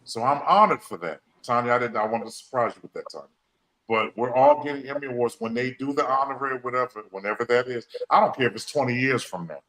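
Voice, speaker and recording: A man's voice: mid-range voice, fast talker, fairly bright tone, poor audio. A man hosting a podcast, speaking, repeating phrases and using folksy slang. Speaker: podcast host. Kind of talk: emotional motivational talk.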